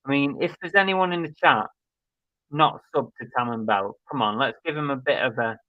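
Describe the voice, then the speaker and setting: A man's voice: mid-range voice, fairly quick, dry recording. A man co-hosting a live chat show, reading out viewer comments in a chatty, laid-back way with plenty of fillers. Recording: dry, slightly dull stream audio.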